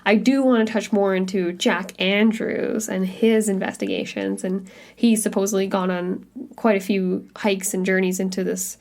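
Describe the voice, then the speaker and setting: A woman's voice: mid-range voice, fairly even intonation, normal speed, darkish tone. A woman co-hosting a podcast with an ordinary mid-range voice. She chats loosely and casually, peppering her sentences with filler words and laughing easily. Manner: chatty, heavy use of "like", laughs easily. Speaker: podcast co-host. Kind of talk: casual chat.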